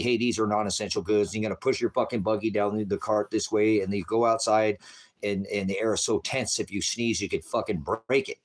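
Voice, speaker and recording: A man hosting a rambling livestream, cracking jokes, swearing freely and urging viewers to act. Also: on the low side. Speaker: livestream host. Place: high desert home.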